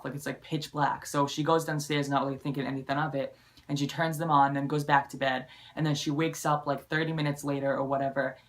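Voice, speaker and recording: A young adult man vlogs to camera, telling a casual story in a rambling, emphatic way. His voice is a little high with a fairly bright tone, and he packs nearly every phrase with "like" and swears for emphasis.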